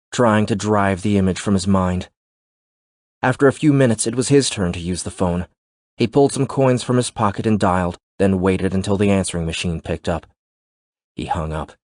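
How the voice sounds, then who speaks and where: A man narrating an audiobook in a steady, measured way. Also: low voice, no room sound, clean studio sound.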